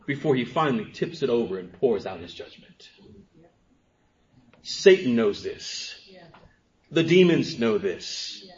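A man preaching a sermon as pastor, dropping to quiet, drawn-out phrases and then rising to emphatic exclamations. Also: a little high. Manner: swings from hushed to emphatic, with stretched pauses. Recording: dull lo-fi sermon recording.

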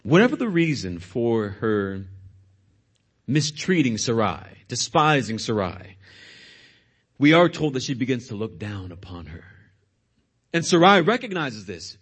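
A man's voice: mid-range voice, very animated, a little slow, pauses often, a bit bright, husky. A male pastor preaching a sermon, retelling scripture expressively.

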